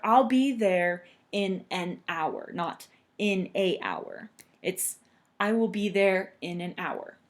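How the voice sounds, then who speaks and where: A woman teaching English grammar, patiently repeating example sentences slowly and deliberately. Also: medium pitch. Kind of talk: explaining grammar to learners.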